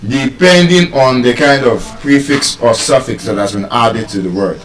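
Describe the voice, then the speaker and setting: A man giving a live lesson on word stress, deliberate and teacherly, repeating key terms. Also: medium pitch, fairly bright tone. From Nigeria. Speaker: English language teacher. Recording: roomy sound, mic far off.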